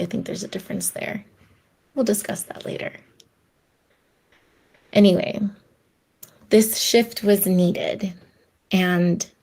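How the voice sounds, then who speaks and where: This podcast host speaks at a medium pitch with vocal fry and a slightly mellow quality. Talking alone, she reflects in a heartfelt, conversational way and acts out the voices of the people she quotes.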